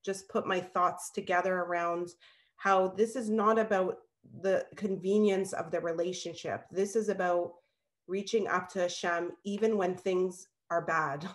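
A woman with a lowish voice speaks earnestly during a class, reflecting on a recent personal challenge. Her tone is thoughtful and sincere. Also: steady tone, measured pace. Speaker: class participant. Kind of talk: casual sharing.

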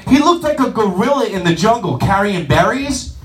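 A man doing a stand-up comedy set in a comedy club, brash, profane and animated. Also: high voice, moderate pace, very noisy. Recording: roomy club sound from a distance, audience.

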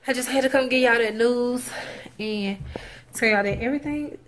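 A woman's voice: a little high, moderate pace. A woman, chatting casually and rambling straight to her viewers in a vlog, filmed on a phone. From Texas, USA. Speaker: vlogger. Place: in a car and at home. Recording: loud background noise from a car.

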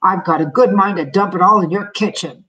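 A woman voicing an angry older male landlord who scolds his renters loudly in a storybook reading, with a husky voice. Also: medium pitch, brisk, pitched above the performer's own voice. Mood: scolding.

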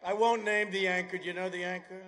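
A man with a fairly high voice gives a rally speech at an outdoor airfield. He wanders from point to point, slips in sarcastic asides, and now and then raises his voice to a shout. A faint hum of background noise sits under him. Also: flat delivery, quick pace. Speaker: campaign speaker.

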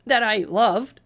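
A woman's voice: on the high side, fairly bright tone. A woman hosting a reaction commentary, exasperated and stammering as she talks back at a clip. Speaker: commentary channel host.

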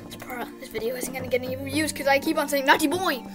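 A woman's voice: sits high, fairly even intonation, fast, over music. A woman giving offhand casual commentary on her game video.

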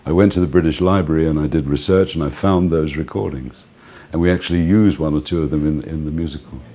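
Very deep-voiced older man telling stories. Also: fast. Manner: animated storyteller, laughs often, acts out the people he quotes. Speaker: music manager interviewed. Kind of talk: anecdotal interview storytelling.

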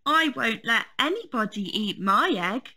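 A woman's voice: sits high, big pitch swings, slow, pushed and bright, voice pushed up, exaggerated voice. A woman doing an eager little bear cub. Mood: determined.

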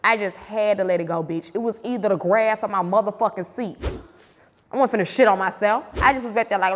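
A woman's voice: medium pitch, quick pace, creaky, big-room sound. A woman answering interview questions in a casual, blunt and profane way, playful in tone. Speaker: interview guest.

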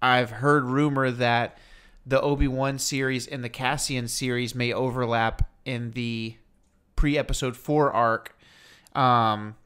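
A man co-hosting a podcast, talking in a rambling, jokey and animated way as he chats with his brother. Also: mid-range voice, takes it slowly, clear, resonant tone. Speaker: podcast co-host. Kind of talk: casual chat.

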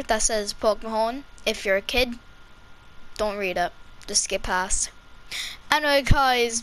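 A young Irish woman talks casually into her vlog, chatty and giggly, stumbling through ums as she goes. Her voice sits fairly high and sounds bright and crisp. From Ireland. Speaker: kids YouTuber.

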